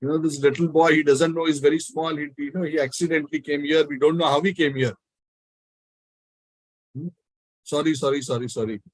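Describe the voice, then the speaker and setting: A man's voice: on the high side, fairly even intonation, brisk, long pauses, dry recording, lightly acted, poor audio. A man voicing apologetic pleading housewives.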